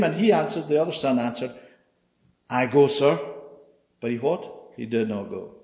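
A medium-pitched man preaches an expository sermon in a large, echoing church hall, and the audio sounds slightly dull. Lively, he reads scripture aloud and keeps putting questions to the congregation. His voice swings between loud and hushed.

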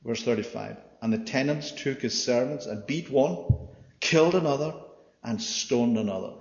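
In a big, reverberant church hall with slightly dull sound, a man with a mid-range voice preaches at a moderate pace. He reads scripture aloud in an expository sermon and often questions the congregation. His lively delivery jumps from loud to quiet.

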